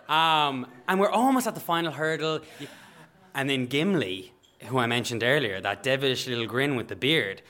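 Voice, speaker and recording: A man, a nurse, telling a story to an audience, animated and acting out the people in it. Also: mid-range voice, normal speed. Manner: animated, acts out voices, bursts of shouting and laughter. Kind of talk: live storytelling.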